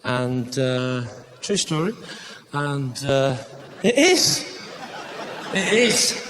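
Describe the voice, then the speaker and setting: A man doing live stand-up comedy in a large venue, bantering with the crowd, mocking, and breaking into bursts of shouting. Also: mid-range voice, big pitch swings, drawn-out words. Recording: live show with loud audience laughter.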